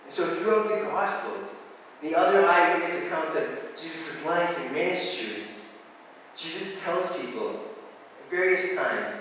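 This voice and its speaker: A man's voice: fairly high pitch, unhurried, a bit bright, slight background noise. A man preaching a sermon, talking to the congregation in a conversational way with relatable asides. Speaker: pastor. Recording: echoey hall, voice from far off.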